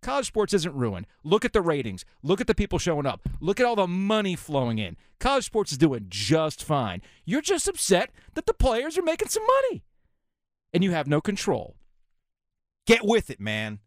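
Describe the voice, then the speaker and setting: Brief: male sports talk host, sarcastic and fired up, lively pitch, dry studio sound. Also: no echo. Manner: sarcastic, ranting, mocking voices of officials.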